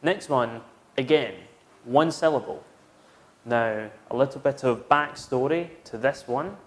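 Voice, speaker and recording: A British man teaches English vocabulary, patiently modelling words for learners to repeat in slow, clear classroom instruction. His mid-range voice is unhurried.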